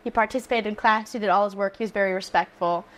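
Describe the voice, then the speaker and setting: A young woman, a former teacher, chatting casually and telling animated stories. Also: medium pitch, fast talker. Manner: animated, laughs through her stories, acts out quotes. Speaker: podcast co-host, former teacher. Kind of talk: casual chat, storytelling.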